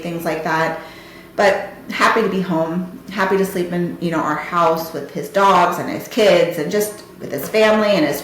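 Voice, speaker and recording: A woman's voice: lowish voice, slight background noise. A woman hosting a podcast, telling a personal story in an emotional, conversational way full of "you know" and "like". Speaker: podcast host. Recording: very echoey room.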